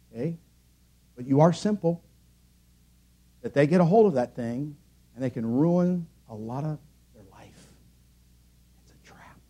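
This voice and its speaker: A middle-aged man preaching a sermon in a church, earnest, rising to loud emphatic peaks and then dropping low. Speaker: pastor.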